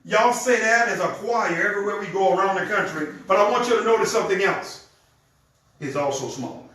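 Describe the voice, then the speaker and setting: A man with a high, bright voice runs an energetic, conversational live sales pitch as a product demonstrator, speaking briskly and directly to his listeners. He is recorded from a distance in a very echoey room, with faint noise behind him.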